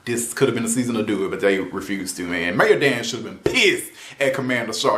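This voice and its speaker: A man's voice: mid-range voice, expressive, fairly quick, fairly bright tone. A man giving a casual opinion rant on a show, exasperated and often laughing, tossing in "man" and "right?". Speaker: video reviewer. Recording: roomy echo.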